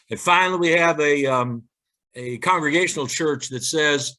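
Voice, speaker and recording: A man's voice: mid-range voice, a little slow, pushed and bright. A male pastor telling funny stories and reading church signs in a light-hearted sermon, acting out the characters as he goes.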